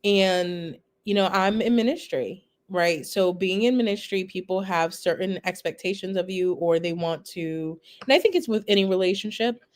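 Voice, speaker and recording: Deliberate woman co-host telling a story. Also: medium pitch. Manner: wordy storyteller, deliberate phrasing. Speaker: podcast co-host, minister. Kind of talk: casual chat.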